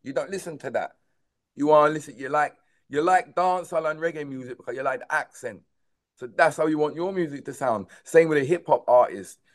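A man's voice: fairly high pitch, a little fast. A man from South London with a London accent, a dancehall artist chatting emphatically in an interview and calling people bro and man. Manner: animated, repetitive, emphatic, says "bro" and "man" often. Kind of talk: casual interview chat.

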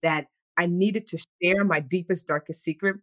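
Woman, thirties, lowish voice, lively storyteller, mimics voices in quotes, dry close sound. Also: normal speed, no room sound. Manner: animated, acts out quoted voices with big pitch jumps. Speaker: guest. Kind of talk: candid interview storytelling.

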